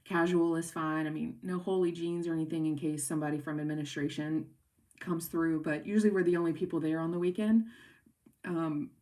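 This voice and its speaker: Woman, 30s, course instructor; casual rambling delivery with fillers, slightly low pitch, has hiccups. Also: fast. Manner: relaxed, rambling, many fillers. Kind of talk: casual recorded class briefing.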